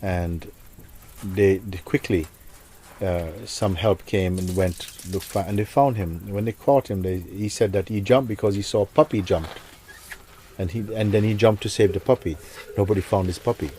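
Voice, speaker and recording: A man speaks in a deep, low voice, telling a story to his listeners as a spiritual teacher. His tone is dark and mellow. He talks reflectively and softly, often dropping almost to a whisper, with a faint hiss of noise underneath. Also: moderate pace. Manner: reflective, soft-spoken, often sinks to near a whisper.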